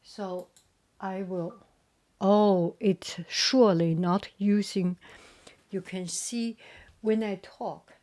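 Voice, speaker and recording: A woman casually demoing a new microphone, drifting between quiet speech and whispers. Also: mid-range voice, fairly even intonation, slow pace. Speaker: vlogger unboxing and testing a microphone. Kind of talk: casual demo with soft whispering. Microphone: testing a new desktop microphone.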